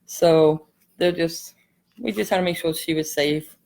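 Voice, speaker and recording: A woman's voice: fairly low pitch, measured pace, gravelly, darkish tone. A woman hosting a live craft tutorial, chatting in a rambling, apologetic way as she works. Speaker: craft channel host.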